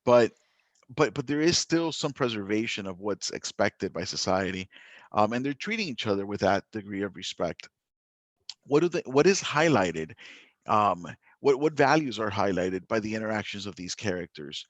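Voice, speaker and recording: A man teaching a literature lesson, talking in a lively, chatty way with frequent laughter and restarts. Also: fairly low pitch, moderate pace, no room sound. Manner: animated, chatty, laughs often, many restarts. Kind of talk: recorded classroom lesson.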